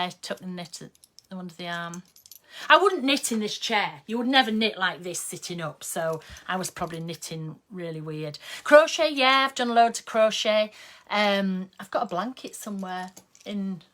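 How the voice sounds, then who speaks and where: A woman's voice: on the low side, animated, normal speed, fairly bright tone. An older woman, chatting casually and rambling while she sews on a live stream. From England. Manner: chatty, rambling, with many ums. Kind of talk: casual chat while sewing.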